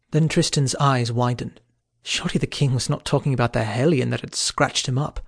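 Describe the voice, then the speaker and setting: A man's voice: medium pitch, no room sound. Man reading an audiobook, dry and close. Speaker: audiobook narrator. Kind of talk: scripted narration.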